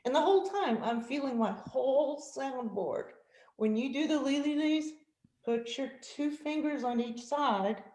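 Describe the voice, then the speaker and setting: A woman vocal coach giving a lively demonstration of singing technique on a video call, breaking into short sung exercises and laughing often. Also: high voice, unhurried, roomy sound. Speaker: vocal coach and guest speaker. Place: virtual meeting.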